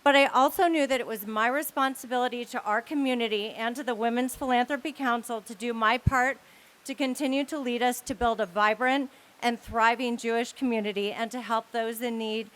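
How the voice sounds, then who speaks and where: A woman with a fairly high voice reads prepared remarks at a podium microphone. She keeps her delivery steady and formal and asks the audience for support at a charity event. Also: fairly quick. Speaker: leader of a women's philanthropy council.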